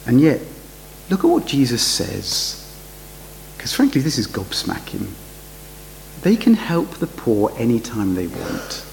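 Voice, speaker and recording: A man preaching a sermon, his voice lively and full of rhetorical questions. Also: mid-range voice, unhurried, creaky, long pauses, slight background noise, low-quality recording.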